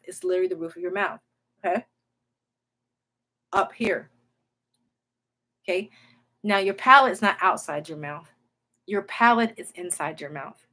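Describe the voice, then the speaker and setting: A woman's voice: mid-range voice, fairly bright tone. A woman giving an informal Bible teaching in an emphatic way, often checking in with her listeners. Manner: emphatic, keeps checking in with "okay?" and "all right?".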